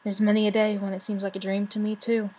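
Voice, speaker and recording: A woman voicing an old male dragon, stiff and weary, speaking softly in a storybook reading. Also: mid-range voice, monotone, fast talker, lightly acted, rough recording.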